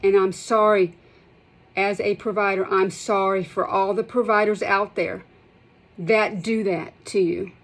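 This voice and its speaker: Lady venting to camera in a vlog, upset and shaky, keeps restarting, middle pitch. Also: fairly even intonation, measured pace, poor audio. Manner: impassioned and upset, repeats herself, restarts sentences. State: shaky, holding back tears. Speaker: healthcare provider sharing her withdrawal experience.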